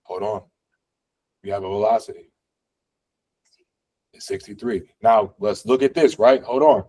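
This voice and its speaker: Speaking low and unhurried in a slightly mellow voice, a male physics instructor teaches a college class from a classroom, with the session streamed online too. He talks casually, fills his speech with fillers, and quizzes students as he goes. The recording quality is low.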